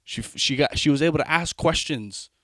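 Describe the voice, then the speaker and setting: A man's voice: on the high side, normal speed, a bit bright, no room sound, clean studio sound. A young adult man doing a stand-up comedy set, talking conversationally with rambling asides and frequent restarts.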